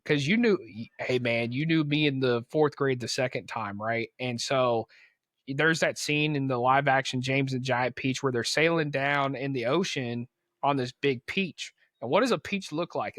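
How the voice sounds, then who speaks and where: A man's voice: medium pitch, a bit bright, no echo, studio quality. A young man on a podcast telling a story in a casual, slangy way, acting out the people he quotes. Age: young adult. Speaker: podcast co-host.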